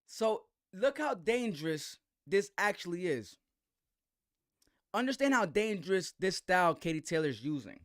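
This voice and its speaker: A man's voice: high voice, sing-song, unhurried, dry recording, clean studio sound. A man hosting a livestream, giving heated, slangy commentary full of restarts. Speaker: host.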